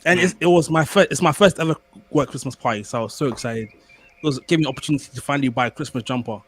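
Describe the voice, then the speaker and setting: A young man co-hosting a podcast, chatting casually and telling stories in an animated, stammering way. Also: mid-range voice, fast, husky. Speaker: podcast co-host. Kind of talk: casual chat.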